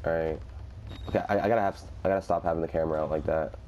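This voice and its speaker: A man's voice: a bass voice, fairly even intonation, racing, dark tone, dull audio, slight background noise. A man commentating a horror game, swearing constantly and shrieking when scared. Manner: panicky, constant swearing, screams in fright. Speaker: gaming host.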